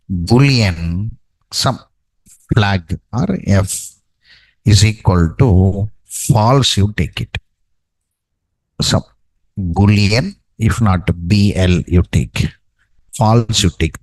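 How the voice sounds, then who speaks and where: Slow coding teacher. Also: male voice, lowish voice, dry recording, poor audio. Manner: dictates code slowly, repeats "okay, right" and tag "no?". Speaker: programming teacher. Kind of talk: live coding lesson.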